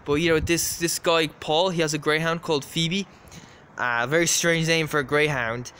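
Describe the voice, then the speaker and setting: A man's voice: a little high, fairly even intonation, moderate pace, pushed and bright, a little hiss or hum. An Irish man telling a rambling story to camera, casual and repetitive with lots of fillers. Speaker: vlogger.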